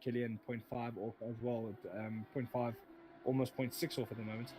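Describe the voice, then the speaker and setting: A man's voice: medium pitch, level tone, moderate pace, noisy background. A man giving live sim racing commentary, rambling, often correcting himself and joking as he goes.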